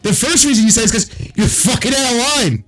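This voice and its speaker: A man's voice: extremely high pitch, lively intonation, fast talker, fairly bright tone, rough recording. A man in his thirties chatting casually with a friend, telling stories with frequent laughs and swearing.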